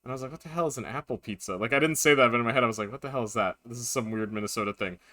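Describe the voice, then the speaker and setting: A man streaming a video game live, chatting casually and rambling through animated anecdotes. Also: mid-range voice, racing.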